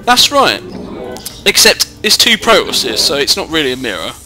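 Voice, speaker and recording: Over music, a British teenage boy rambles in jokey, self-mocking live commentary on a strategy game, using a headset mic. His voice is on the high side, his pitch swoops wildly, and he keeps a moderate pace. He's recording indoors at home, not in his usual spot.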